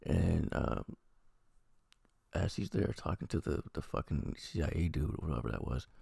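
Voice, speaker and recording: Male vlogger, very low and husky, dark tone, dry close sound; loose profane episode recap. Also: lively intonation, normal speed, no room sound. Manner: rambling, profane plot recap. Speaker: TV review vlogger. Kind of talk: casual episode review.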